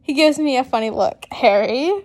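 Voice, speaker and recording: High-voiced woman reading fan fiction slowly. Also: a little mellow. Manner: breaks off into chatty, giggly asides between read lines. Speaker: fanfiction reader and channel host. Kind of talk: reading fan fiction aloud with casual commentary.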